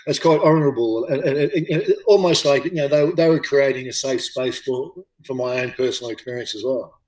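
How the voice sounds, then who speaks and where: Australian man, middle-aged, halting, many fillers, echoey room, mic far away. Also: medium pitch, darkish tone. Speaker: interview guest, former rugby league player. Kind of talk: casual chat, storytelling. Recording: roomy, distant mic.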